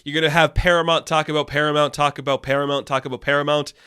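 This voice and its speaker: A man's voice: a little high, flat delivery, quick pace, bright, forceful tone, clean tone. Exasperated man ranting a review. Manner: exasperated, profane, sarcastic. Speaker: video reviewer. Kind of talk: casual review rant.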